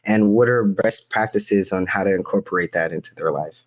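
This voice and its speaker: A man's voice: low-pitched, brisk, dry recording. A man hosting a podcast interview. He asks his guest questions and gives short affirmations while the guest talks. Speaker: podcast host.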